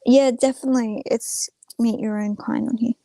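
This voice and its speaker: A woman's voice: fairly high pitch, fairly even intonation, moderate pace, creaky, warm tone, no room sound. Woman just chatting on a home live stream, wanders off topic a lot, lots of likes and ums, dry close sound. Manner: rambling, many filler words, chatting to viewers. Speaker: small channel live streamer. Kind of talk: casual live stream chat. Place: room at home with the door closed.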